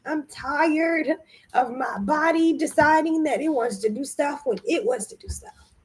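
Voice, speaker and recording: In a casual vlog, a young woman who leads group trips opens up to the camera about being worn out and sick. She sounds high and talks a little slowly, frank and emotional throughout.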